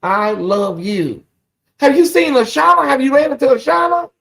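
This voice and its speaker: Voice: normal speed, gravelly. A livestream host giving casual gossip commentary, chatting straight to viewers and reading their comments aloud. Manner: swings into loud, high exclamations when excited.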